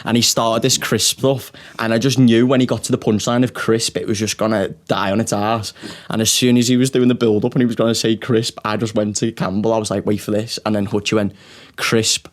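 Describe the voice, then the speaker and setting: A man's voice: lowish voice, little pitch movement, fairly quick, few pauses. A young man, a comedian co-hosting a podcast, telling stories in casual chat, swearing often and laughing through them.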